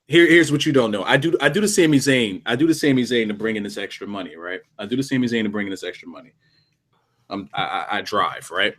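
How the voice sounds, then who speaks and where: Lively young man telling a story. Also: mid-range voice. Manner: animated storyteller, lots of restarts and swearing. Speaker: podcast co-host. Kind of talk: casual storytelling chat.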